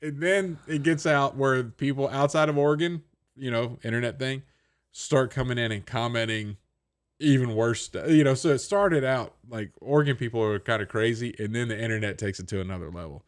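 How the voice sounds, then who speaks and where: Animated man telling a podcast story. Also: medium pitch, fairly quick, dry recording, clean studio sound. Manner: animated storyteller, acts out other people's lines. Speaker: podcast co-host. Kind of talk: casual storytelling chat.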